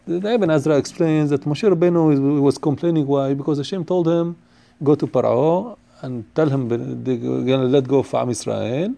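A man teaching a Torah class on the weekly portion, moving between English and rapidly chanted Hebrew verses, his English marked by restarts and non-native phrasing. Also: mid-range voice, gravelly, mellow.

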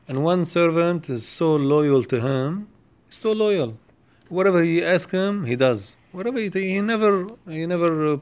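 Man explaining a Torah lesson, higher voice. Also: darkish tone. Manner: questioning, explains step by step, repeats phrases; quotes Hebrew passages quickly. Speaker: Torah teacher.

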